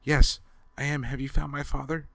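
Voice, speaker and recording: A man voicing a frightened young girl held captive, raising his voice high and eager in an audiobook reading. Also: little pitch movement, moderate pace, vocal fry, dry recording, natural voice. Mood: anxious. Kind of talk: audiobook character voice.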